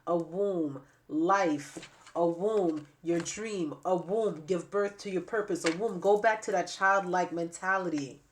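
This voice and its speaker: Woman tarot reader, low-pitched voice, stuffy and raspy from a cold, emphatic and repetitive. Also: unhurried, slight background noise. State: stuffy nose and raspy throat. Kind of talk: spiritual reading to camera.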